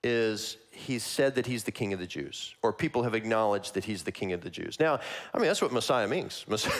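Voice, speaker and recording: A man preaching a sermon, walking through a Bible passage verse by verse in a conversational, animated way that acts out the characters. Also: mid-range voice.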